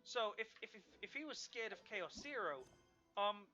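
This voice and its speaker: A man's voice: high voice, sing-song, moderate pace, pushed and bright, highs cut off, faint music behind. A man streaming a game, rambling and thinking aloud in casual commentary with many restarts.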